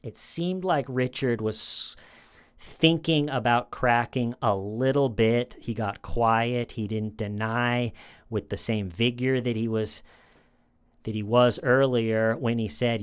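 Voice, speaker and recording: Smooth-voiced man giving casual crime commentary. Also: lowish voice, unhurried. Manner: conversational, opinionated, acts out quotes. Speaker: true crime commentary host.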